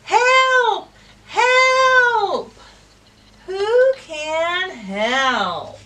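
A woman voicing a small male duck stuck in the mud, crying out for help in shrill shouts. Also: big pitch swings, drawn-out words, recorded from a distance, full character voice. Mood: desperate.

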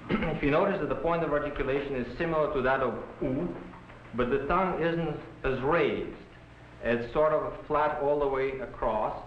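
A man's voice: medium pitch, a little hiss or hum. Old-film male professor, patient and instructive, classroom lecture, echoey room, dull muffled sound. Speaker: language professor.

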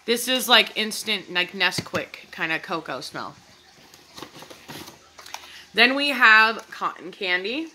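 A woman with a very bright, ringing voice talks casually to her viewers as she reviews candles. She is eager and chatty, and she keeps checking in with her audience. Her pitch sits in the middle for a woman. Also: expressive, slow, pauses often, slight background noise, low-quality recording. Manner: chatty, enthusiastic, addresses viewers as "you guys". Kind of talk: casual product review vlog.

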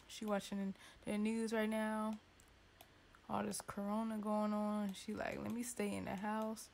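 Her delivery is flat, a little slow, creaky and a little mellow, with a bit of hiss or hum in the audio. This woman, a gaming YouTuber, chats playfully over a let's-play at home and now and then squeaks out what her sims are thinking.

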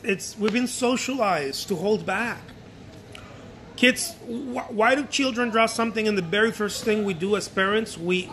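This man's voice sits high, with a little hiss or hum in the recording. He's a painter, Spanish his first language, talking casually and animatedly in his art studio, often repeating himself and impersonating others.

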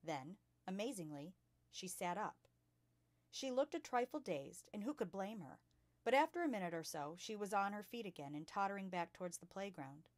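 A woman reading a children's novel aloud with lively expression as a storytime host. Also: medium pitch, moderate pace, no echo. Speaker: storytime reader.

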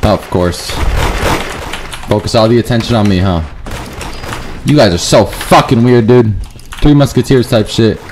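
A man giving profane live commentary over his own gameplay, muttering low and then yelping up high when things go wrong. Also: unhurried, pauses often, background noise. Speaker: gaming YouTuber.

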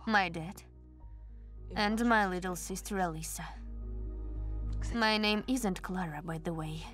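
A cold, calm avenger. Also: female voice, fairly low pitch, a little slow, faint music behind. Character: young woman, cold and vengeful. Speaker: avenging daughter. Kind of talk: dubbed TV drama acting.

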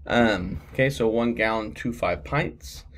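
A man's voice: on the low side, a little slow, a little hiss or hum. A man teaching a sixth grade math lesson in a casual, rambling, self-deprecating way, with lots of fillers, recorded at his computer.

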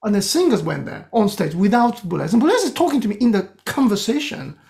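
A man with a Japanese accent, a composer talking as a guest in an interview, telling animated stories with many restarts. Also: high voice, fast, gravelly. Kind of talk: casual interview storytelling.

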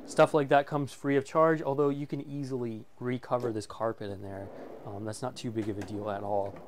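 A man's voice: mid-range voice, steady tone, fairly quick, very noisy. A man casually presenting a walkthrough of a motorhome for sale, enthusiastic and full of fillers like "um" and "like". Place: inside a motorhome.

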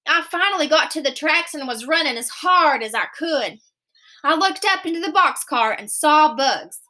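Woman reading aloud, steady storyteller, high bright voice. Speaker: reader. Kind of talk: reading a children's novel aloud.

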